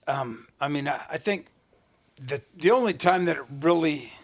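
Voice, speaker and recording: A man's voice: fairly high pitch, expressive, moderate pace, vocal fry. A man guest talking in a rambling, casual way full of fillers and light profanity during an interview. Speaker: podcast guest.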